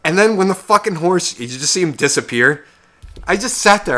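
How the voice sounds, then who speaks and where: A man's voice: sits high, animated, moderate pace, pushed and bright. A young man co-hosting a podcast, telling a long story in a heated, swearing casual rant. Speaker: podcast co-host.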